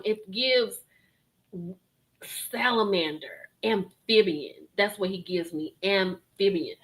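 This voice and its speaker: A woman hosting a reaction video, giving animated commentary on a reality show, laughing and talking straight to her viewers. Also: mid-range voice, takes it slowly, low-quality recording.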